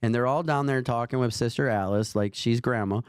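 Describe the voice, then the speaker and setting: A man's voice: medium pitch, a little fast, clear, resonant tone, dry recording, studio quality. A man in his forties telling a rambling, earnest faith story in casual conversation as a host. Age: 40s.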